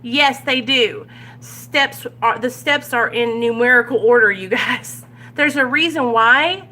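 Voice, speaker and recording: Her voice sits on the high side and carries a sharp tone. A recovery vlogger, she leads a Big Book study group through a candid, conversational chat, frequently checking in with a quick "right?"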